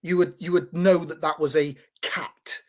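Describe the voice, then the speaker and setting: A man with a slightly higher voice than most talks through an explanation in a loose, casual way. He stumbles and restarts often, repeats his words, and keeps checking in with his listener. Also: flat delivery, normal speed. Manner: teaching tone, checks in with "right?". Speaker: podcast host.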